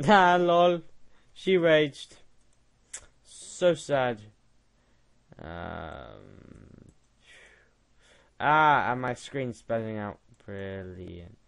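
A man's voice: medium pitch, big pitch swings, drawn-out words, gravelly, long pauses, fairly bright tone, smooth. A young man giving casual gaming commentary, mocking and laughing at a chatbot. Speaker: gaming video creator.

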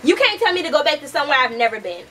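A woman's voice: high voice, very animated, racing, fairly bright tone, distant mic, faint music behind, low-quality recording. A young woman from the United States giving a heated, casual book review, swearing often and talking animatedly.

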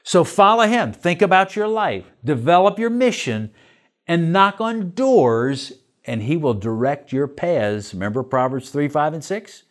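A man's voice: on the high side, sing-song, unhurried. An older man, a pastor, teaching a church lesson in an earnest way, asking many questions.

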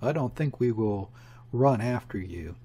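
A man reading the lines of a smooth, emphatic police inspector in an audiobook. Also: medium pitch, lively intonation, measured pace, dark tone. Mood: cool. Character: cool, smooth middle-aged male police inspector.

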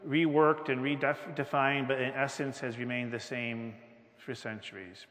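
A man preaching a sermon slowly and emphatically, with dramatic pauses. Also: medium pitch, steady tone, fairly bright tone. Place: church. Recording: long church reverb.

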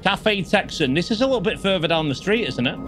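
A man's voice: high voice, animated, fast, loud music behind the voice. A man livestreaming a game. He chats to viewers and swears and yelps when something jumps out. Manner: chatty, swears and yelps at sudden scares. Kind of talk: live gameplay commentary.

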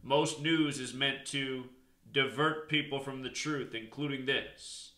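A man lectures in an insistent, emphatic tone, pressing each point home. His voice is very bright and sharp, with a mid-range pitch. The sound carries the echo of a reverberant room. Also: steady tone, takes it slowly. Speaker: channel host. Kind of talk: explanatory monologue.

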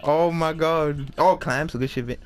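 A man giving casual, excitable commentary while playing a basketball video game, swearing and trash-talking. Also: on the high side, measured pace, soft background music. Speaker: gameplay commentator.

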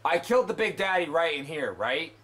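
Young male let's player, high and animated, quick to blow up with curses. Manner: profane, exasperated outbursts. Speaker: gamer. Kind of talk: let's play commentary.

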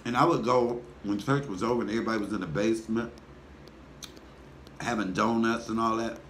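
A man, telling a personal story in a folksy, animated way while talking to his viewers. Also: on the low side, fairly quick. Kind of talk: casual storytelling mukbang. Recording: echoey room with faint background noise.

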